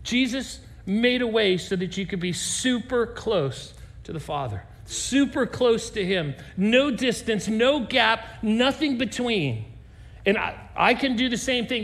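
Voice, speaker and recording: A male pastor preaching a sermon, telling a story with lively voices and sinking to a soft, low voice for emphasis. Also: measured pace.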